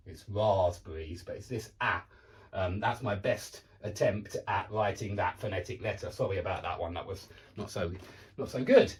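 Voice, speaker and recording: A man's voice: mid-range voice, darkish tone. A man with a southern English accent teaching pronunciation online, repeating words with exaggerated contrast and chatty asides. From southern England.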